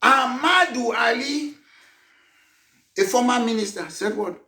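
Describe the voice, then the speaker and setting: Indignant high-pitched Cameroonian man, echoey. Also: lively intonation, normal speed. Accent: Cameroonian English. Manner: indignant, emphatic, scolding, bursts of shouting. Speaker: political party leader. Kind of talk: impassioned political speech.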